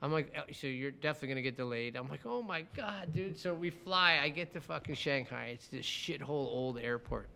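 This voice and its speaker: Brief: bright, higher-voiced middle-aged man, podcast co-host, animated, swears a lot. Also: brisk, creaky, hardly any pauses. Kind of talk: casual storytelling chat.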